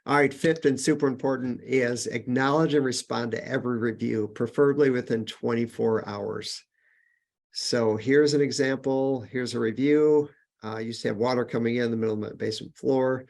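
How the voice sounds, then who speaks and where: Man presenting a webinar, gravelly voice. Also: medium pitch, steady tone, moderate pace, darkish tone. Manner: conversational, with frequent fillers and restarts, upbeat on list points. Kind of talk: casual webinar teaching.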